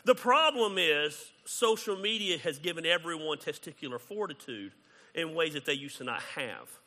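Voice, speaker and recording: A man preaching a sermon as pastor, conversational and animated, acting out quoted exchanges. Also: fairly high pitch, normal speed, long reverb tail.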